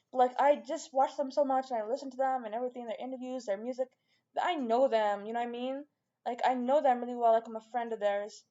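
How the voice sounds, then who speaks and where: A woman's voice: high voice, warm tone, highs cut off. A woman vlogger chatting casually and rambling, with lots of fillers and restarts. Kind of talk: casual chat to camera.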